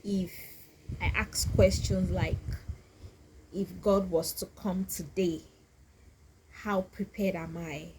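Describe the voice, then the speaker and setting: Slow, soft-spoken woman vlogger. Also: on the low side, fairly even intonation, a little hiss or hum, low-quality recording. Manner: slow, soft-spoken, thoughtful, with many pauses and restarts. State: getting teary and emotional. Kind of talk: casual reflective talk to camera.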